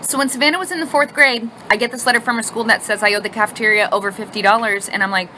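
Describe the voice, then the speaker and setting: A woman in her thirties, a mother telling casual stories about her family, animated and laughing as she goes. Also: a little high, very fast, noisy background. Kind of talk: casual storytime.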